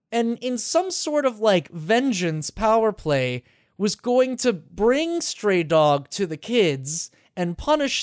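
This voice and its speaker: A man's voice: high-pitched, dry recording, clean studio sound. A man hosting a podcast, recapping a game in casual chat, swearing freely, laughing often and rambling with restarts. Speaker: podcast host.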